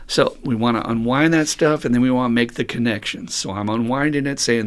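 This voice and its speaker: A man's voice: medium pitch, fairly quick, few pauses. A middle-aged man hosting a recovery podcast, talking in an earnest, musing monologue and acting out the voices he quotes. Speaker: podcast host and recovery group counselor.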